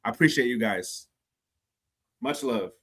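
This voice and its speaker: A man's voice: mid-range voice, wildly swooping pitch, measured pace, creaky, a bit bright, husky. A man co-hosting a sports betting show, blunt and profane, often cutting in. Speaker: podcast co-host. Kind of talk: casual chat.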